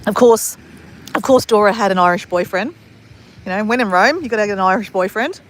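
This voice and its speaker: A woman's voice: mid-range voice, a little fast. A woman in her forties from Australia, chatting casually to camera in a rambling, laughing way. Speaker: vlogger.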